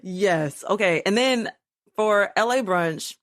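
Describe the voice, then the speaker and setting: A woman from Los Angeles co-hosting a relaxed podcast conversation. Her voice sits at a middle pitch and is animated and loose. She swears freely and breaks into laughter. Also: takes it slowly. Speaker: podcast co-host. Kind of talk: casual chat.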